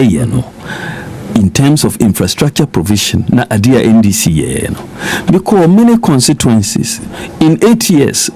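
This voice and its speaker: A man's voice: medium pitch, mellow, slight background noise. A middle-aged man with a Ghanaian accent, speaking as a politician guest in a radio interview, emphatic and repeating his points while mixing in Twi.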